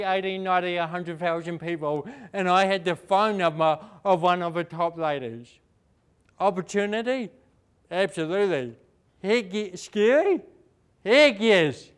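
Man, New Zealand accent, motivational speaker, high voice, smooth and clear, quick rhetorical questions. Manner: fast-talking, energetic, rhetorical questions. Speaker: inspirational speaker. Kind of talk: motivational speech.

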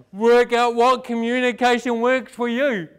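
A young man from New Zealand with a New Zealand accent, giving a fast, emphatic motivational talk and asking the audience questions. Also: extremely high pitch, flat delivery, vocal fry, clear, resonant tone. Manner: fast-talking, rising and falling for emphasis, asks the audience questions. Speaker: inspirational speaker. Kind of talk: motivational speech.

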